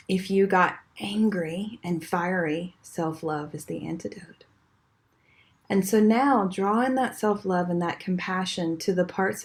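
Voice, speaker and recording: A woman guiding a meditation in a soft, slow, soothing way, her voice trailing off quietly at the end of phrases. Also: fairly low pitch. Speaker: energy healing teacher. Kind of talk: guided meditation.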